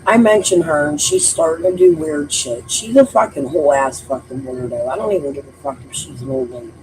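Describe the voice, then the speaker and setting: There's background noise as a low-voiced, expressive woman talks briskly while hosting a true crime livestream. Her casual chat is blunt, emphatic and heavily laced with swearing.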